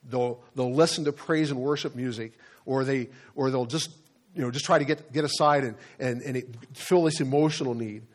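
A middle-aged man preaching a sermon as a pastor, telling stories in a relaxed, conversational way and often repeating words as he goes. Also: mid-range voice, moderate pace.

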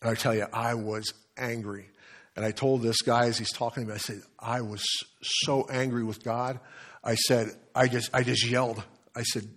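A male pastor preaching in a plain, mid-pitched voice. He talks to his congregation in a frank, conversational way and tells stories with many small restarts. He also reads scripture aloud. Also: flat delivery, normal speed, a bit bright. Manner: candid, conversational storytelling with restarts. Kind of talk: sermon with personal story.

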